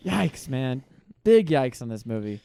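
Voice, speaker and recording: A man's voice: mid-range voice, vocal fry, mellow, dry recording, studio quality. A man co-hosting a casual movie podcast, talking bluntly with frequent swearing and laughter. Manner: blunt, profane, laughs often. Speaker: podcast co-host. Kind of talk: casual movie review chat.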